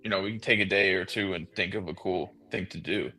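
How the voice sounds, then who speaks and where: A low-voiced man hosts a live stream, chatting in a relaxed, easygoing way. Faint music plays under his voice. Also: fairly quick. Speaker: stream host. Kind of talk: casual live-stream chat.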